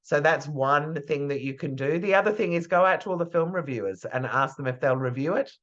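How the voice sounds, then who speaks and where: A man's voice: fairly high pitch, fairly quick, fairly bright tone. Man, PR coach, rambling friendly advice over a muffled video call line. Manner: chatty, hesitant, thinks aloud with fillers and restarts. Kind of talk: live online masterclass Q&A.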